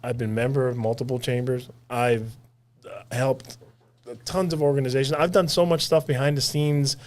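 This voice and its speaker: Puerto rican guy guesting on a politics podcast, emphatic, repeats himself, normal pitch. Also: fairly even intonation, normal speed, darkish tone. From Puerto Rico. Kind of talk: casual political chat.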